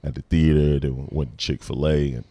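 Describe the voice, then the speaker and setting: Deep-voiced man hosting a podcast. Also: a little fast, no room sound. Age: adult parent. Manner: animated, laughs easily, repeats phrases for emphasis. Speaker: podcast host. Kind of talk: casual podcast chat.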